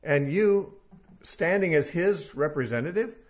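A man's voice: a little high, lively intonation, unhurried. Conversational male Bible teacher. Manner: conversational, thinking aloud with frequent fillers.

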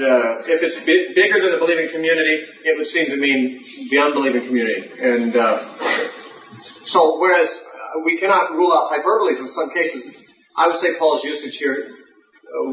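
A man with a somewhat high voice leads a Bible class, reasoning carefully with a few fillers. He is picked up from across the room, with echo and a muffled, dull sound. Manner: thinking aloud with fillers, precise. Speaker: Bible teacher. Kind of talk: classroom Bible teaching with questions. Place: classroom or lecture hall. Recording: far-off, echoey, muffled lecture recording.

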